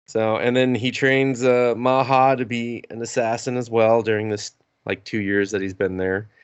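A man's voice: mid-range voice, flat delivery, moderate pace, clear, resonant tone, no echo, dull audio. A man co-hosting a podcast, recapping anime episodes in a loose, rambling way with lots of fillers and casual swearing. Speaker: podcast co-host.

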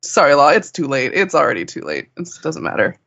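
A woman's voice: sits low, sing-song, vocal fry, a bit bright, muffled recording. Wry woman recapping on a podcast. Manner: brisk, wry asides. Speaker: podcast contributor. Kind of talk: casual recap.

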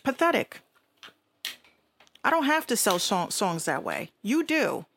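A woman's voice: fairly high pitch, very animated, a little slow, a bit bright, a little hiss or hum. A woman with a Bronx accent hosting an online radio show, ranting bluntly and profanely in casual talk.

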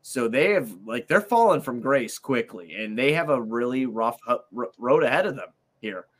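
A man's voice: medium pitch, animated, moderate pace, a bit bright. A man hosting a casual sports talk show, his voice sitting in an ordinary middle range. He sounds frustrated, swears freely and keeps circling back to the same point. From Italian heritage. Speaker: sports podcast host.

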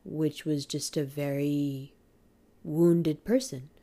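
A woman's voice: sits low, steady tone, slow pace, dark tone. Raw, emotional woman swearing freely. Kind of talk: candid personal monologue.

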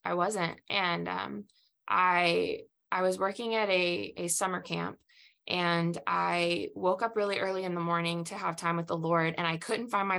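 Her voice is fairly low with vocal fry and a sharp tone. Having grown up in Southeast Asia, she tells a personal faith story as a podcast guest, earnest and reflective, with halting restarts.

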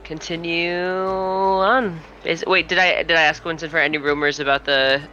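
A laid-back man playing a tabletop game, easygoing and quick to laugh. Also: fairly high pitch, fairly even intonation, bright, forceful tone, soft background music. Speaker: player. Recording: dull lo-fi recording.

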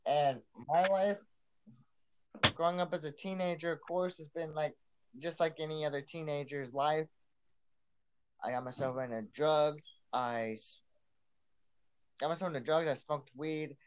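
A man's voice: on the high side, steady tone, measured pace, pauses often, smooth. A young man sharing his personal testimony as a podcast guest, earnest and repeating himself, restarting lines as he goes.

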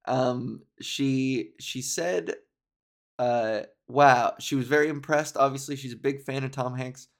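A man's voice: medium pitch, steady tone, takes it slowly. Rambling, jokey male comedian. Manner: rambling, jokey and self-deprecating. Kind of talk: casual solo podcast monologue.

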